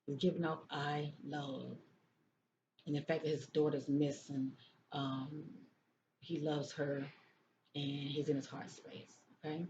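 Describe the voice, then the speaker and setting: A warm, mid-range voice with flat delivery and a measured pace belongs to a psychic doing a casual tarot reading. "Okay?" serves as a frequent check-in, and phrases keep repeating. The recording has a dull lo-fi quality and faint noise.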